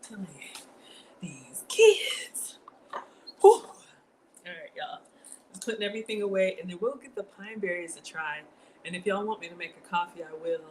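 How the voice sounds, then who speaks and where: Woman, cooking livestream host, home kitchen, animated chatty storytelling, middle pitch, faint background noise. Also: fast. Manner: animated, talks straight to viewers.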